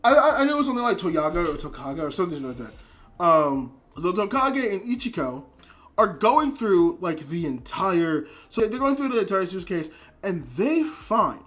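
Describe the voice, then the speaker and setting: This anime review is delivered casually at a medium pitch with a fairly bright tone. Filler words, swearing and false starts pile up as the emotionally invested reviewer trails off and begins again.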